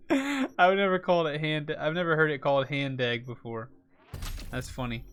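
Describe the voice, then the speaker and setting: A man's voice: fairly high pitch, animated, fairly quick, a bit bright, clear, resonant tone. A man from rural South Carolina chatting with his viewers while streaming a video game. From rural South Carolina, USA. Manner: chatty, reads out and answers chat. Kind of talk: live game streaming commentary.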